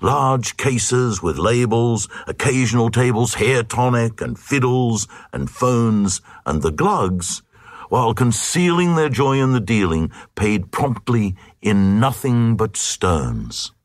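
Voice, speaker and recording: A man's voice: medium pitch, expressive, takes it slowly, no echo, studio quality. A man reading a comic narrative poem aloud in a rhythmic, sing-song recitation.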